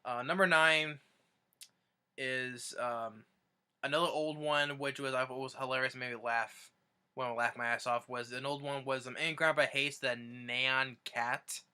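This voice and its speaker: Bright-voiced man, casual rambly recap host, lots of ums and restarts. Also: medium pitch, steady tone, measured pace, clean tone. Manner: rambling, many restarts and fillers. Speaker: YouTuber.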